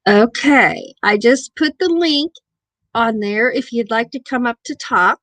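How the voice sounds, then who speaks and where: A woman hosting a casual live stream from her home office, easygoing and relaxed, with frequent ums. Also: fairly high pitch, unhurried, no room sound. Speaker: host of a live morning talk stream.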